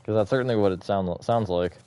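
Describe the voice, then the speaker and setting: A man livestreaming a building game, rambling as he thinks aloud and swinging between flat, disappointed-sounding talk and bursts of energy. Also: fairly low pitch, a little fast, clear, resonant tone, no room sound. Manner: rambling, thinks aloud with fillers and self-corrections. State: short on sleep. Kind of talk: casual livestream chat while gaming.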